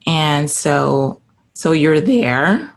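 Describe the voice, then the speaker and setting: A woman's voice: sits low, expressive, very slow. A woman hosting a podcast, asking questions in a reflective way and thinking aloud. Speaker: podcast host. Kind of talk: interview questions.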